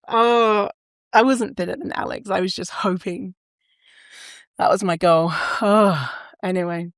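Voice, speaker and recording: A woman talking on her own podcast in a loose, candid way. She swears without a second thought and laughs through her stories. Her voice sits at an ordinary middle pitch and sounds close and dry, with no room sound around it. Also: expressive, takes it slowly, long pauses, fairly bright tone, dry recording. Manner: candid, swears freely, laughs often, acts out quoted voices. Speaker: podcast host. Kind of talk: casual solo podcast monologue.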